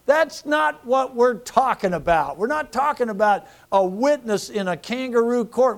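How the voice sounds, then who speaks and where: Man, pastor, high voice, folksy rambling sermon, middle-aged. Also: lively intonation, moderate pace, hardly any pauses. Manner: folksy, rambling, chuckles through stories. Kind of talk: sermon with personal storytelling.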